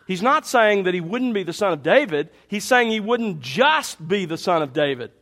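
Male pastor, high voice, animated expository sermon, reads verses aloud and asks rhetorical questions. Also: moderate pace.

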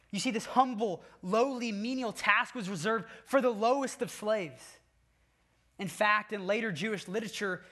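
A man preaching an expository sermon, emphatic and deliberate, stacking repeated phrases for stress. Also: sits high, fairly bright tone.

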